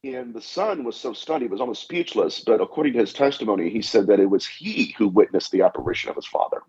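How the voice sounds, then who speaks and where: Husky guy, kinda low voice, telling a long story on a podcast, lots of "i said", dull lo-fi sound. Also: expressive, fast talker, darkish tone. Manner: anecdotal, acts out dialogue, frequent "I said". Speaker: guest, demonologist. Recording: dull lo-fi audio.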